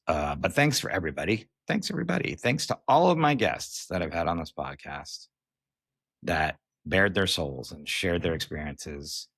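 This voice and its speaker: American man, very deep voice, dry close sound, candid solo podcast, rambling and self-mocking. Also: expressive, moderate pace, gravelly, fairly bright tone, husky, dry recording. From United States. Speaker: podcast host and comedian. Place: recording while on tour away from home.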